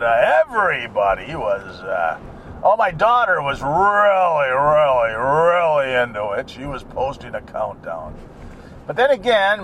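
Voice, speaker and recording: A man's voice: fairly high pitch, fairly bright tone, slight background noise. A middle-aged man chatting casually while driving, rambling from topic to topic and grumbling at other drivers. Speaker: vlogger. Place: in a car.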